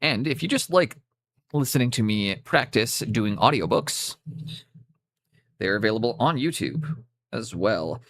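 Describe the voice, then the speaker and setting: A man's voice: mid-range voice, expressive, unhurried, vocal fry, pauses often, fairly bright tone, dry recording, studio quality. Rambling Canadian guy streaming. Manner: rambling, self-interrupting, casual swearing. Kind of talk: casual live-stream chat. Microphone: cheap USB microphone.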